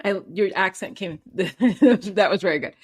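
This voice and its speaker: A chatty woman hosts a podcast conversation. She laughs often and drops quick asides as she talks, with her voice sitting at a middle pitch. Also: slightly rough. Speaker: podcast host. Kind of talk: casual conversation.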